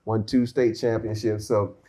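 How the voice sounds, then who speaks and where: A man's voice: fairly low pitch, a little slow. A man telling stories as an interview guest, laughing often, recorded in an outdoor courtyard before a live audience. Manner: laughs often, animated storytelling. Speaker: guest, former basketball player. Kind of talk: casual storytelling interview.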